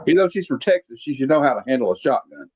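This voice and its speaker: A man's voice: medium pitch, very animated, racing, a little mellow, rough recording. A man hosting a casual movie review chat, rambling along with lots of fillers and restarts. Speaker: podcast host reviewing a movie. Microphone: video call.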